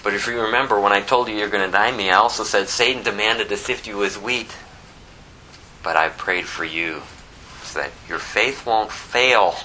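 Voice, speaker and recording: Male pastor preaching; bright, forceful tone, lowish pitch. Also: moderate pace, slight background noise, poor audio. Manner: animated, quotes scripture in a rising voice, prays softly. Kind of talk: sermon with scripture reading.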